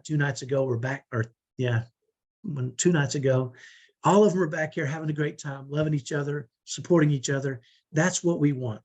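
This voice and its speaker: Husky-voiced earnest man coaching parents. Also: on the high side, darkish tone. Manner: earnest, motivational, direct. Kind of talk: online training talk.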